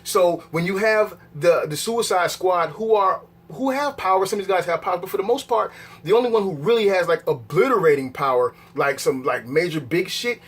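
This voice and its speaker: A man with a husky voice talking through a film review in a casual, rambling way, with slang, swearing and repeated checks on whether the viewer follows him. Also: high voice, animated, moderate pace. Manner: rambling and conversational, repeats words, asks the viewer "you dig what I'm saying?".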